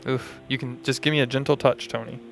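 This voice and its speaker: A man's voice: mid-range voice, steady tone, quick pace, soft background music. A man co-hosting a comedy call-in show, talking in a playful, mock-earnest way. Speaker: co-host. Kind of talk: comic improv call-in.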